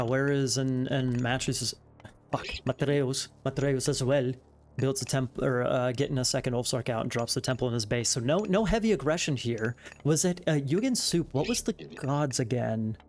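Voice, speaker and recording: A man's voice: medium pitch, a little mellow. A man co-casting a strategy game match, talking in a chatty, musing way with lots of fillers. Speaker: esports caster. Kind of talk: game commentary.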